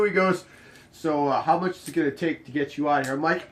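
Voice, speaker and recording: A young man casually telling a bartending story, acting out each exchange with sudden jumps up in his voice. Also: brisk. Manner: animated, acts out the dialogue, jumps high in pitch when quoting others.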